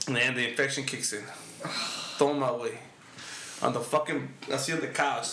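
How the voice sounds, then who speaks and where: A man's voice: medium pitch, steady tone, normal speed, pauses often, pushed and bright, roomy sound, a little hiss or hum. A middle-aged man, telling a story on a podcast in casual, profanity-heavy English mixed with Spanish. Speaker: podcast co-host.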